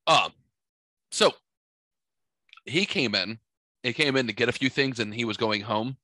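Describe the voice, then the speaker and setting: A man co-hosting a casual chat, telling a long story in a rambling, animated way. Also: medium pitch, unhurried, dry recording. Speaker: podcast co-host.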